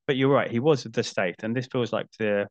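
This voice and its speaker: A man's voice: mid-range voice, fairly quick, dry recording, muffled recording. A middle-aged man hosting a casual film chat, thinking aloud and restarting his sentences. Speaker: podcast host.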